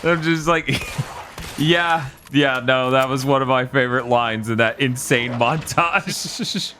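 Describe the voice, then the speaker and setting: A man's voice: mid-range voice, takes it slowly, bright, forceful tone, a little hiss or hum. A man chatting casually on a gaming stream, reading chat and laughing often as he rambles.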